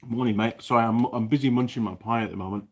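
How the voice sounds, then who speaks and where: A man's voice: mid-range voice, steady tone, quick pace. A man hosting a casual live chat from his workshop, chatting and rambling with many restarts as he reads viewer comments. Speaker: live stream host, mechanic.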